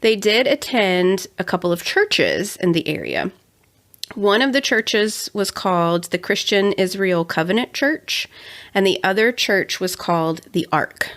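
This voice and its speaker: A woman's voice: mid-range voice, sing-song, a little slow, a bit bright. A young adult woman co-hosting a casual true-crime podcast, chatty with sarcastic asides. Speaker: podcast co-host.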